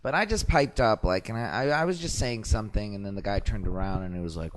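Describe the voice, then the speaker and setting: A man's voice: on the low side, animated, quick pace, hardly any pauses. Laid-back, wisecracking podcast guy. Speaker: podcast co-host. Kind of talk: casual chat.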